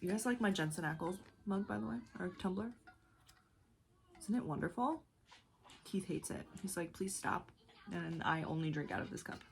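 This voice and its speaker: A woman's voice: lowish voice, normal speed, creaky, long pauses, a little hiss or hum. A young woman hosting a knitting video, talking in a chatty, rambling way with lots of fillers. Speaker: knitting podcast host. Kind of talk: casual chat.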